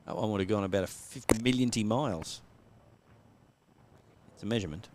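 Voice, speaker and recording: A man's voice: fairly low pitch, a little fast, noisy background. A man with an Australian accent doing casual live cricket commentary, joking and laughing often.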